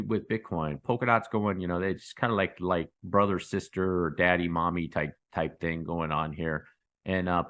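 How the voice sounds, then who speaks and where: Host type: low-voiced man, chatty chart rundown, rambling, prone to excited outbursts. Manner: rambling, repetitive, addresses viewers as guys; excitable bursts with sound effects. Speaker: crypto channel host. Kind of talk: casual chart commentary.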